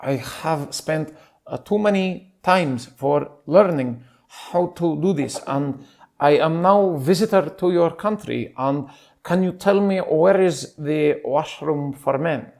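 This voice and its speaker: A man doing a slow, halting Arabic-Persian accent. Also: a little high, vocal fry, darkish tone. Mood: pleading. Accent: mixed Arabic and Persian. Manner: slow, halting, broken English. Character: lost, hesitant male visitor asking directions.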